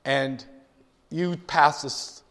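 A man gives a classroom lecture full of jokes and acted-out scenes. His voice sits fairly high. It rings with the long reverb of a lecture hall. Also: steady tone, drawn-out words, fairly bright tone. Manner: jokey storytelling, acts out voices.

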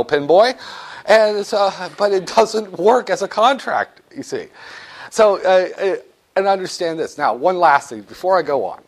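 A man teaching a business law class, lecturing in a joking way and acting out little scenes with students. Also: sits high.

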